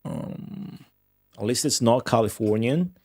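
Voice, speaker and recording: A man's voice: mid-range voice, slow pace, darkish tone, no room sound. A man with Italian as his first language, streaming a game live and chatting with viewers in English with a slight Midwestern and Australian tinge. He talks in a profane, rambling, offhand way. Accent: slight Midwestern with a touch of Australian. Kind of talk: live gameplay commentary with chat.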